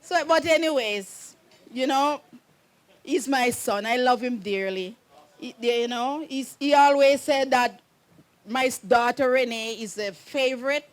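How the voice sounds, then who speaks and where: High-voiced mother, rambling fondly. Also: measured pace. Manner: meandering, keeps saying "anyways", laughs often. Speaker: groom's mother giving a wedding message. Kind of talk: rambling personal storytelling.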